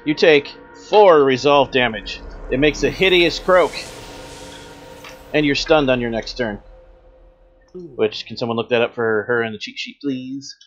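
A man's voice: mid-range voice, expressive, measured pace, muffled recording, soft background music. Man running a tabletop game. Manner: explains rules patiently, describes combat. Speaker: game master.

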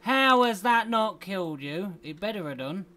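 A man's voice: high voice, expressive, moderate pace, pushed and bright, a little hiss or hum. Playful man grumbling at a game. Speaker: gaming channel host. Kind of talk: casual let's play commentary.

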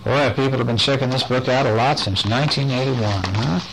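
Playful gravelly man reading bedtime stories. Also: medium pitch, brisk, background noise. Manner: playful, chatty, stops to talk about the pictures. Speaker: parent reading to a child.

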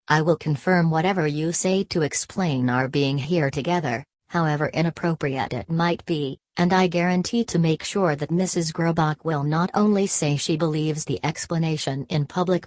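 A woman reads an anxious, insistent male clerk in a storybook reading. He talks in an earnest, persuasive way. The voice is low and dry. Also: darkish tone, no echo, natural voice.

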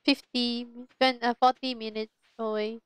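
A woman's voice: fairly high pitch, little pitch movement, measured pace, clean tone, no echo, soft background music. A young woman streaming a farming game with a friend, chatting casually and giggling a lot, dropping in Chinese words now and then. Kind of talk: casual gaming chat.

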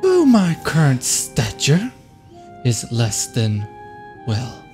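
A woman's voice: rumbling low, huge pitch swings, slow, mellow, soft background music, heavily acted. A woman voicing a prim, proud female water dragon in a game playthrough, speaking in a haughty, formal way. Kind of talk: let's play voice-over.

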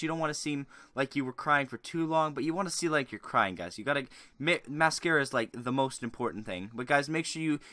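A man riffs mockingly over a video, his voice bright and forceful with a dry, close sound. He talks in crude, rambling asides like a sarcastic reaction commentator. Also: fairly high pitch, dry recording. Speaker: YouTube commentator.

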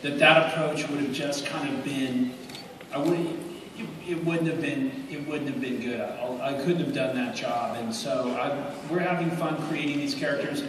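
A man, an actor, speaking thoughtfully and haltingly on a convention panel. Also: medium pitch, steady tone. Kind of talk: panel talk. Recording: distant mic in a reverberant hall, noise.

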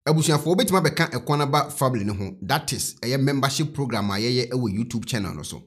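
A Ghanaian man with a Ghanaian accent addresses his viewers as channel host. His voice is husky and sits at a middle pitch. He explains things plainly, one step at a time. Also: expressive, fast talker.

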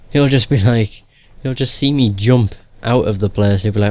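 A man's voice: medium pitch, moderate pace, darkish tone. A young man giving casual gameplay commentary in a joking, profane, sarcastic way.

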